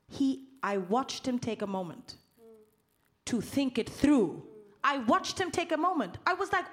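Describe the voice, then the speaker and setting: A woman with a high voice moderates a live panel discussion. She tells her stories with wry humour and goes low and measured when she quotes her own calm answers.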